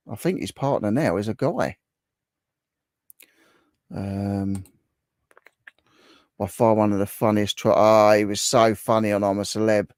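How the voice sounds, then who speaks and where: A man's voice: lowish voice, unhurried, pauses often, darkish tone, no room sound, clean studio sound. Chatty man hosting a home livestream. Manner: chatty, laughs often, reads viewer comments aloud. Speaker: livestream host. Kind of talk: casual livestream chat reading comments.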